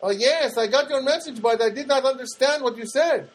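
A flatly insistent woman building manager, put on by a man who pushes his husky voice well up in pitch. She talks in a matter-of-fact way and will not budge. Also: brisk. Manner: raised-pitch imitation of a woman.

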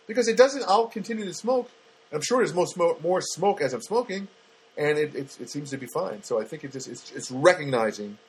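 A man's voice: on the high side, expressive, brisk, slightly rough. A man hosting a podcast, a comedian rambling through everyday grievances with a wry, self-mocking manner. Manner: rambling, self-deprecating, many fillers and restarts. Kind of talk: rambling comic monologue.

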